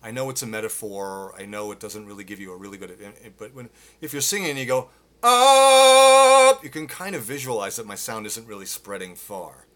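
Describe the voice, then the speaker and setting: A man teaching singing live, explaining technique with restarts and breaking into loud sung demonstrations. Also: lowish voice, brisk, few pauses. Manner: demonstrates with loud sung grunts and vocal exercises. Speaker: vocal coach. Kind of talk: live-streamed singing lesson. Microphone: phone.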